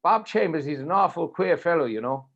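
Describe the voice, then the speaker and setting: A man's voice: fairly high pitch, animated, fairly quick, gravelly, pitched above the performer's own voice. A man putting on a teasing country policeman. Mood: teasing, reassuring. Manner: chatty, teasing, blunt country talk. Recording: dull lo-fi audio.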